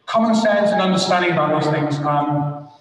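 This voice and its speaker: A man's voice: a little high, moderate pace. An older man giving a guest lecture and answering questions, talking in an enthusiastic, rambling, anecdotal way. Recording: echoey hall from far off.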